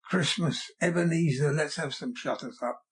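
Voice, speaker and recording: A man voicing a jolly, fat old male merchant who calls out loudly and cheerfully. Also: a little high, moderate pace, husky. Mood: jovial. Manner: loud, cheerful calling out.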